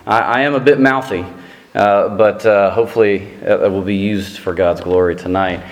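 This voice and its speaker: A man's voice: normal speed, highs cut off, a little hiss or hum. A middle-aged American man preaching a sermon as a visiting preacher, rambling and self-deprecating, with many fillers and restarts. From United States. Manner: gets animated and high-pitched telling a funny story.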